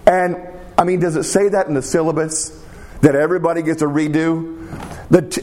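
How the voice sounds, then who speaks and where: A male preacher delivers a sermon in a slightly raised voice at an unhurried, deliberate pace. He repeats his key phrases for weight and sinks into a hushed tone when he prays aloud. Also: sits high. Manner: emphatic, repeats phrases for weight, slows to a hush on prayers.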